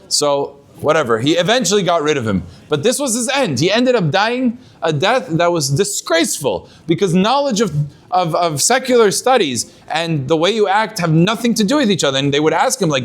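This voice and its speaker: A man speaking as a rabbi, telling a Torah story in a lively, animated way. His voice sits fairly high for a man. He drops Hebrew terms into his English and often breaks off to restart a phrase. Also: fairly quick.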